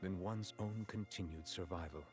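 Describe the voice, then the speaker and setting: A stern, formal judge from a video game, a dragon hidden in human form, voiced by a man. He speaks slowly and solemnly in a very low voice, choosing each word with care. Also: soft background music, close to an everyday voice. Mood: reflective.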